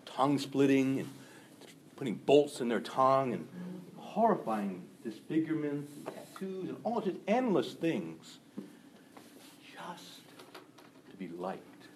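A male preacher delivering a sermon in an animated way, acting out quick voices of people he describes. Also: medium pitch, slight background noise. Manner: animated, acts out gossiping voices.

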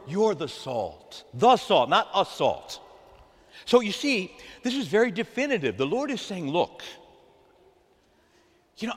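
A man preaches to his church with a high, animated voice that swings up and down, drawing the congregation into call-and-response. His voice carries a long reverb from the hall. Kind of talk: sermon.

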